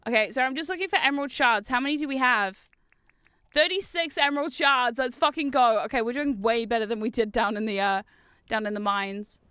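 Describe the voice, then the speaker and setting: A woman in her thirties chats while she streams a game, and her voice sits high and rings bright and clear. She tells stories in an animated, chatty way, laughing and swearing freely. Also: fairly quick, no room sound, clean studio sound. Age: 30s. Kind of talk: casual gaming stream chat. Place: home gaming room.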